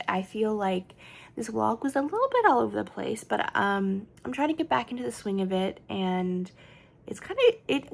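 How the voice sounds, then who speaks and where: A woman's voice: mid-range voice, vocal fry. A young adult woman talking casually to camera in a vlog, chatty and gushing, filling her speech with "like" and "um". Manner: chatty and gushing, many fillers like "like" and "um". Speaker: vlogger.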